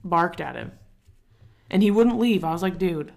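A woman's voice: fairly low pitch, expressive, moderate pace, creaky. A woman co-hosting a podcast in casual chat, telling rambling stories and acting out other people's lines. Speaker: podcast co-host.

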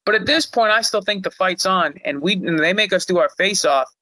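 A young man telling a long story as a guest in casual chat, animated, full of "like" fillers and swearing. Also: sits high, fairly quick, no room sound, poor audio. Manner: animated, frequent "like" fillers, profane. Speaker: guest, fighter.

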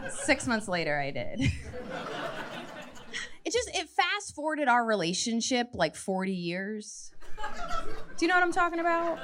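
A woman in her thirties doing a stand-up comedy set, telling wry, self-mocking stories that build to punchlines. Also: high-pitched. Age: 30s. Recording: noisy live stand-up recording.

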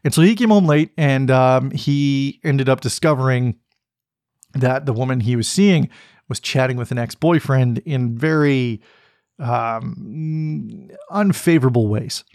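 A man's voice: mid-range voice, a little slow, darkish tone, dry recording, clean studio sound. A middle-aged man, telling a personal story in a candid, reflective way as a podcast host.

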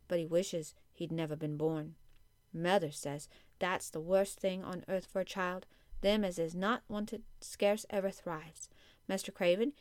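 Gentle country boy, calm coaxing delivery, woman narrator playing him, dry audio. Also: medium pitch, no echo, close to an everyday voice. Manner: broad dialect, calm and coaxing. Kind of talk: audiobook character reading.

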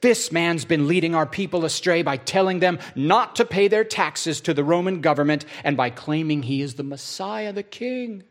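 A man's voice: a little high, normal speed, hardly any pauses, pitched above the performer's own voice, close to an everyday voice. A man voicing an angry council of elders, insistent and accusing, with a raised, pushed voice.

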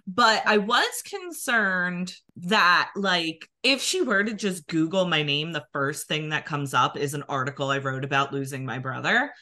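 A woman with a Philadelphia accent tells a long personal story on a podcast, dropping "like" into almost every phrase. Her voice sits low yet sounds crisp and bright. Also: animated, unhurried, hardly any pauses. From New Jersey near Philadelphia. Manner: chatty storytelling, many "like" fillers. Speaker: podcast co-host. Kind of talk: casual chat.

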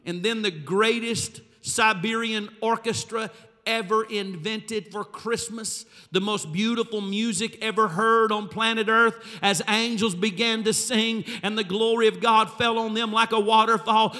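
Animated high-voiced preacher in a ringing hall. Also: male voice, a little slow. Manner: animated, dramatic storytelling with vivid, sweeping delivery. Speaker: pastor. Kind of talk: sermon.

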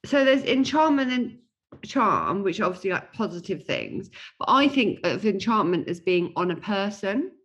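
A woman's voice: mid-range voice, sing-song, normal speed, breathy edge, muffled recording. A British woman co-hosting a podcast, chatting casually and reading out listener mail, with a hesitant, chatty manner full of fillers. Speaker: podcast co-host.

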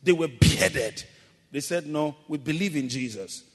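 A man's voice: a little high, animated, normal speed. Preaching man in a reverberant hall. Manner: call-and-response preaching, swings from loud exhortation to quiet emphasis. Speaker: pastor. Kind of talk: sermon.

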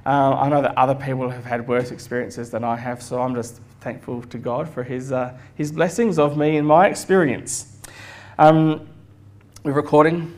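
Man preaching in a relaxed storytelling sermon. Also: mid-range voice, moderate pace. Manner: relaxed storytelling with fillers and jokes. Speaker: pastor.

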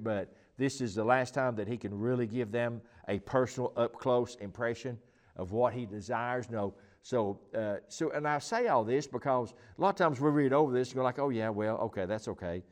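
A man's voice: medium pitch, a little fast, darkish tone. A man teaching the Bible in a loose, conversational way. He rambles and restarts often, then leans hard on the points he wants to stress. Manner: rambling, emphatic, many restarts and fillers. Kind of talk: informal Bible teaching chat.

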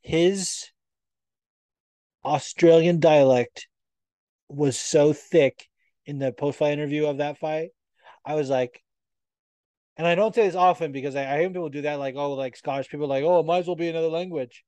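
A man co-hosting a podcast, chatting casually and swearing often as he tells animated stories. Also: on the high side, moderate pace, pauses often, smooth, dry recording. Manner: swears often, animated storytelling with quoted asides. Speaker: podcast co-host. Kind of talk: casual chat.

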